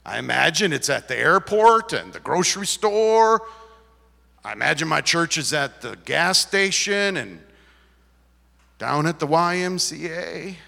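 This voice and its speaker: A man voicing an older southern pastor with a calm, wry, drawn-out delivery. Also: a little high, vocal fry, voice pushed up, exaggerated voice. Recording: reverberant hall.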